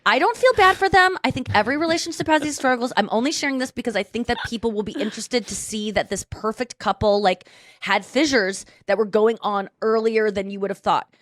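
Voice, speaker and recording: A woman's voice: on the high side, a little fast, no room sound, studio quality. A woman hosting a podcast, chatting casually and retelling a story in a rambling way, with plenty of restarts. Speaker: podcast host. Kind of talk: casual chat.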